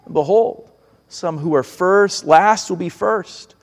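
A man preaching a sermon in an earnest, measured way, now and then acting out pleading voices. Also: sits high, big-room sound.

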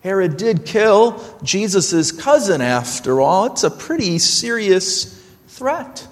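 A man's voice: high voice, big pitch swings, takes it slowly, long reverb tail. A man preaching a sermon as a pastor, earnestly retelling a story and acting out its dialogue.

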